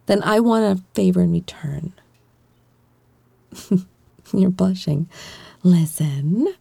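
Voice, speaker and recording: A woman voicing an affectionate girlfriend who gently reassures and teases her partner, in a whispered role-play. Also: fairly low pitch, gravelly, breathy edge, no echo, full character voice. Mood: reassuring. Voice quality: soft, gentle, reassuring, playfully teasing.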